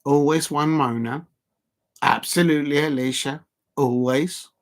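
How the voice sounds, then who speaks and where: An excitable middle-aged man gives live watch-along commentary on a football match. He talks in a loose, chatty way, reacts to the action as it happens and speaks directly to his viewers. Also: on the high side, a little slow. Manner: excitable, chatty, reads out chat.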